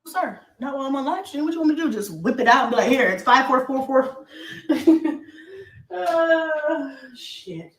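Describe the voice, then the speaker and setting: A woman ranting on her livestream, loud, profane and taunting her viewers. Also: sits high, expressive, normal speed, roomy sound. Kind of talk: brash livestream rant.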